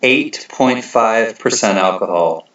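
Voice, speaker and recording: Man, relaxed rambling livestream host, low voice, muffled lo-fi audio. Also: slow pace. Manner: laid-back, rambling, laughs often. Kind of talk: casual chat reading viewer comments.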